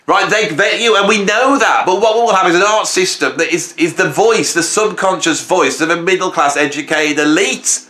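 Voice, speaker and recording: A man's voice: high-pitched, normal speed, few pauses, sharp tone, roomy sound. A middle-aged man ranting on his own video channel, emphatic and angry, tossing in "right?" as he goes. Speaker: YouTuber. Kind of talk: ranting monologue.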